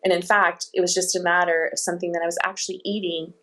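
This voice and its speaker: A middle-aged woman telling her story as an interview guest, animated, laughing now and then and acting out what others said. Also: lowish voice, quick pace. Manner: animated, with laughs and quoted dialogue. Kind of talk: casual storytelling.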